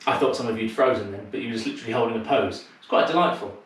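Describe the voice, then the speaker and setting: A man's voice: mid-range voice, rapid-fire, fairly bright tone, recorded from a distance, a little hiss or hum. A man teaching a dance class over a video call, calling out steps and chatting with a teasing manner. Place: home room on a video call. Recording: very echoey room.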